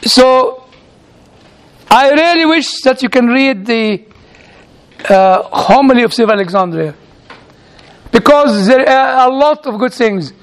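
Very high-voiced man preaching. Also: expressive, smooth. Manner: halting, with frequent restarts and playful asides. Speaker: priest. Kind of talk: sermon with storytelling.

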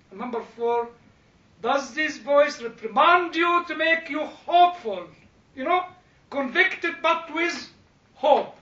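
A man's voice: very high-pitched, sharp tone. A man leading an informal teaching talk for a church group, speaking animatedly, repeating words, chuckling and addressing listeners directly. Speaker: church discussion leader. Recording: echoey room, distant mic, dull sound.

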